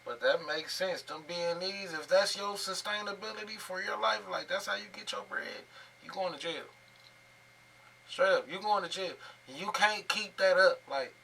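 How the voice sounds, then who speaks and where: A man's voice: sits high, gravelly, pushed and bright, far from the mic, a little hiss or hum. A man hosting a reaction video, talking casually in slang and often asking "you feel me". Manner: laid-back slangy talk, frequent "you feel me". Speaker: reaction channel host.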